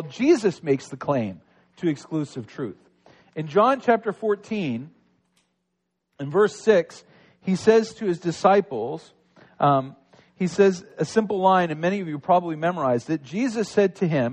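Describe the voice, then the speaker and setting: A man preaching a sermon, teaching through a scripture passage in a conversational way with frequent restarts. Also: a little high. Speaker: pastor.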